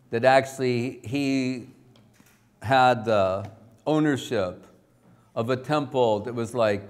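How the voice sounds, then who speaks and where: A man giving a spiritual talk, telling a personal story in a slow, rambling, self-deprecating way. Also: mid-range voice, darkish tone. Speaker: spiritual teacher.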